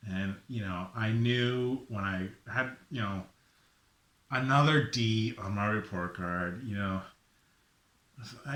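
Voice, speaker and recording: A middle-aged man telling a personal story in an animated way, acting out the voices of himself and his father. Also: fairly low pitch. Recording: echoey room.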